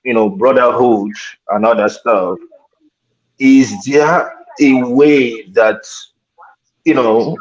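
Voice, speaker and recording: A male caller to a talk show, speaking slowly and hesitantly with many fillers. His voice comes over a dull, lo-fi line. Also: medium pitch. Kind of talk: radio talk show call-in.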